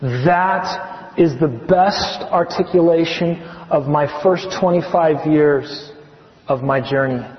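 A man from California, a chemistry professor, giving an earnest personal testimony, confiding and softening on heartfelt points. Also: a little high. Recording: echoey hall, muffled sound.

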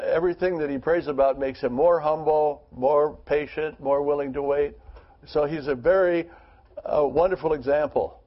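A man's voice: fairly high pitch, lo-fi sound. A man leading a Bible study group, reading scripture aloud and then talking it over earnestly with rhetorical questions.

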